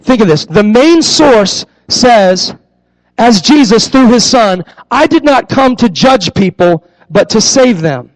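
High-voiced young man preaching a sermon. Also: slow, poor audio. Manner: animated storytelling with acted-out voices; repeats key phrases for emphasis. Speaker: youth pastor.

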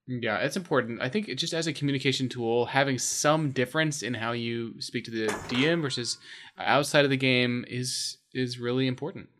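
A man talking casually on a podcast over a video call, relaxed and chatty. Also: mid-range voice, fairly quick. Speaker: podcast co-host.

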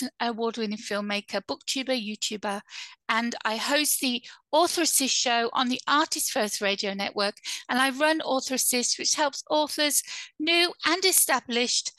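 A woman's voice: on the high side, bright, forceful tone, no room sound. A woman hosting a podcast interview, chatty and friendly, with many fillers and frequent laughs. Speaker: podcast host. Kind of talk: casual interview chat.

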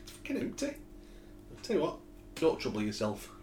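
A man's voice: mid-range voice, wildly swooping pitch, normal speed, darkish tone, slight background noise. Man telling stories in an echoey room. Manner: storytelling, swears, laughs often. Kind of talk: casual chat.

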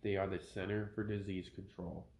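A man's voice: deep voice, little pitch movement, normal speed, a little mellow, a little hiss or hum. A man hosting his own podcast, reading a news article aloud and breaking off to rant with opinionated asides. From Minnesota. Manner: opinionated, ranting, self-correcting. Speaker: podcast host. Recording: roomy home podcast recording.

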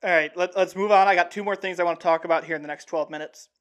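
A young man hosting a sports show, talking casually and excitedly in a rambling way with many restarts. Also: high voice, very fast. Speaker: sports podcast host. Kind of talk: casual sports talk monologue.

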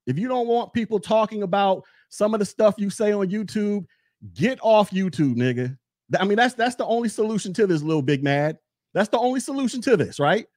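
High-pitched man ranting into a dry mic. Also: a little fast, darkish tone, no room sound. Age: 40s. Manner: mocking, heated, repeats taunts. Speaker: podcast host. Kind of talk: casual commentary rant.

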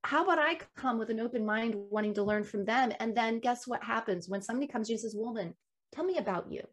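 A woman in a casual conversation, telling stories in an animated, emphatic way. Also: fairly high pitch, fast talker. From United States. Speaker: guest.

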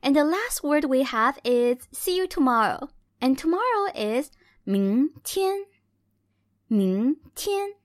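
Woman podcast teacher, high voice, dry close sound, playful, slows to model words. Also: animated, dry recording. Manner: playful, jokes and corrects herself. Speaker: Mandarin teacher and podcast host. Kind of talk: scripted language lesson.

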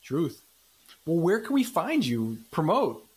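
A man's voice: fairly high pitch, huge pitch swings, slow, a little mellow, breathy edge. A man hosting a podcast in a casual interview chat, talkative and often tagging lines with "right?". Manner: chatty, says "right?" often. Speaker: podcast host. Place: based in Los Angeles.

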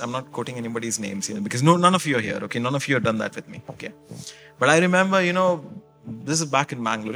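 Chatty pastor preaching. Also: male voice, fairly high pitch, fairly bright tone. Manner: conversational, keeps checking in with listeners. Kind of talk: sermon.

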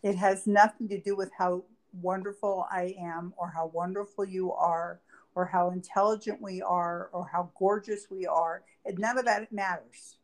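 A woman's voice: lowish voice, steady tone, normal speed. A woman reading Bible verses aloud and explaining them in conversation as a podcast co-host. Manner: reads scripture aloud then explains it conversationally. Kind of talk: Bible study talk.

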